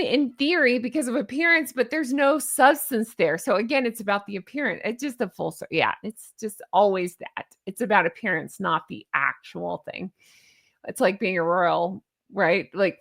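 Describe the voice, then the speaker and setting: A middle-aged woman hosting a casual chat, reading online posts aloud and reacting with sarcastic asides and animated remarks. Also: mid-range voice, gravelly. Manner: chatty, animated, sarcastic asides and little sung bits.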